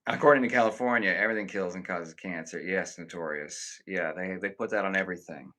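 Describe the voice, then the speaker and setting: Talking to viewers on his stream, a man rambles, swears and keeps restarting what he says, shifting between forceful bursts and muttered low remarks. He speaks a little fast, with a pushed, bright quality.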